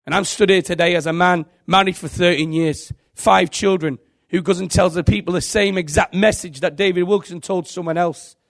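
A man's voice: high voice, steady tone, fairly quick, a bit bright. A man preaching a sermon, telling an earnest and emotional testimony.

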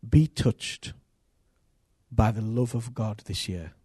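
A man preaching a sermon as pastor, earnest and intimate, with sudden loud rises. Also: fairly low pitch, slow pace, slightly rough, no room sound, studio quality.

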